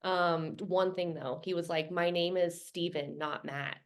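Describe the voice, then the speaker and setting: A woman's voice: fairly low pitch, fairly even intonation, measured pace. A woman co-hosting a podcast, chatting casually and laughing easily. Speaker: podcast co-host, former coach. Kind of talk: casual chat.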